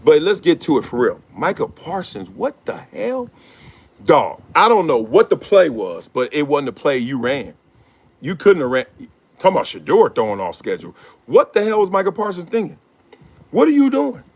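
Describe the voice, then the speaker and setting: A man's voice: on the high side, wildly swooping pitch, normal speed. A middle-aged man hosting his own show, riffing in slangy casual commentary, laughing often and acting out quotes. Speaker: show host.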